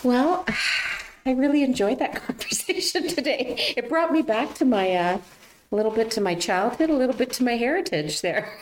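A middle-aged woman hosting a podcast in casual chat, animated and laughing often. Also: a little high, moderate pace, distant mic, slight background noise, rough recording. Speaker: podcast host and author.

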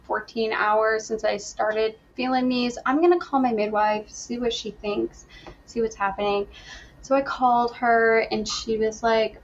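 A woman's voice: on the high side, fairly even intonation, measured pace, slight background noise. A young adult woman, a podcast guest, telling her story in a chatty, casual way, laughing often and acting out what she said back then. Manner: chatty, laughs often, acts out her own past lines. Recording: dull lo-fi sound.

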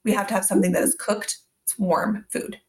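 A woman in her thirties co-hosting a casual parenting podcast, her voice carrying a gravelly edge. She tells family stories in an easy, chatty way and slips in little quoted asides. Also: mid-range voice, steady tone, brisk, darkish tone. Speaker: podcast co-host. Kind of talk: casual chat.

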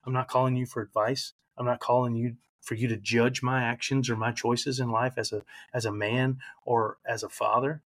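A man's voice: mid-range voice, level tone, moderate pace, hardly any pauses, a bit bright. A man in his thirties speaks as a podcast guest, with an ordinary mid-range voice. He tells his own story candidly and reflectively, earnest and open, with feeling close to the surface. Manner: earnest, reflective, emotional at times.

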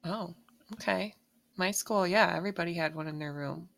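A woman's voice: lowish voice, moderate pace, creaky, fairly bright tone, dry recording. A woman joining a casual podcast chat with wry, offhand remarks.

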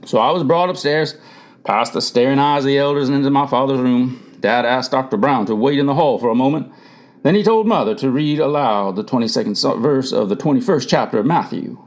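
Male audiobook narrator, earnest first-person storyteller, lively pitch. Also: brisk. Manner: earnest, raises pitch for quoted voices.

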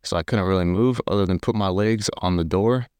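A man's voice: sits low, brisk, smooth, no room sound, clean studio sound. A young man co-hosting a podcast, telling stories in casual chat with laughter and acted-out quotes. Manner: animated storytelling, laughing, acting out quotes. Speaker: podcast co-host.

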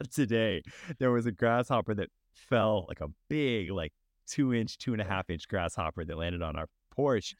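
A man in his thirties co-hosting a podcast in a casual chat, relaxed and easy to laugh. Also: lowish voice, a little slow, dry recording, clean studio sound. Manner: laid-back, laughs often, says dude and man. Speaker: podcast co-host.

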